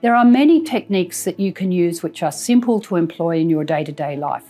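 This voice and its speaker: A woman health professional giving slow, measured advice on managing breathlessness. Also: lowish voice, lively intonation, over music. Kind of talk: instructional health narration.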